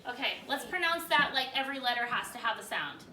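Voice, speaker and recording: A woman teacher leading a spelling lesson for a class, energetic, often stopping to check in with questions. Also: a little high, fast talker, background noise. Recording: echoey room, far from the mic.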